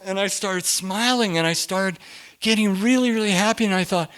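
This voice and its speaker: A middle-aged man telling a personal story to a group, animated, laughing often and swinging from hushed to loud. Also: high voice, moderate pace, clear, resonant tone.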